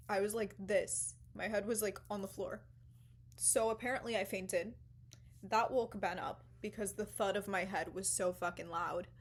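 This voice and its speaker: A young woman chatting straight to her viewers in a loose storytime vlog. She tells it dramatically, with bursts of swearing and sudden hushed whispers. Her voice sits at an ordinary middle pitch for a woman. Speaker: vlogger.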